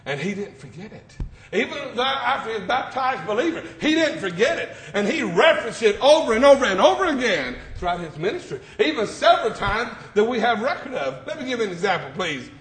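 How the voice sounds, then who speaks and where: A high-voiced male preacher gives a sermon in a church classroom with a board. He shifts from easy talk to loud bursts and soft asides. His voice echoes around the room. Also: big pitch swings, brisk.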